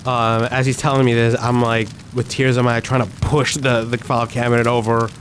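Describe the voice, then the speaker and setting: A man's voice: mid-range voice, level tone, a little fast. A man playing a tabletop game, speaking hesitantly with many fillers as he describes his character's actions. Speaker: player. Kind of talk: casual tabletop play. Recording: noisy background.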